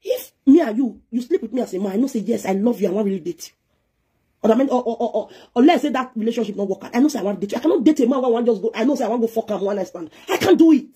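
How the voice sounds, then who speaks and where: A woman with a Nigerian Pidgin accent talks fast, scolding and preaching on a live video. Her voice is husky, and she switches freely between pidgin and English. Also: on the high side, lively intonation, dark tone. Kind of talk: heated live-stream rant.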